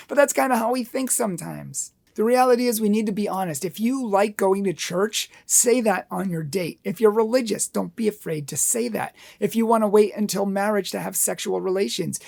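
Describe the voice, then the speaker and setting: A man's voice: high voice, a little fast, vocal fry, few pauses, a little mellow. A man giving an earnest teaching talk on Catholic dating, acting out bits of dialogue as he goes. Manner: earnest, acts out dialogue in asides.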